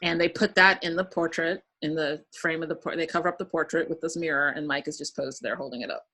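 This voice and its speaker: This podcast host talks fast in a deep voice while casually recapping an episode. Her retelling is lively, with lots of laughter and lines acted out.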